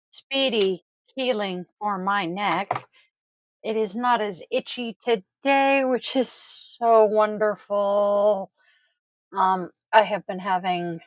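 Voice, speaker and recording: A woman's voice: medium pitch, no echo, lo-fi sound. A woman chatting casually to her viewers while setting up a tarot reading, sleepy and groggy, easygoing and self-deprecating.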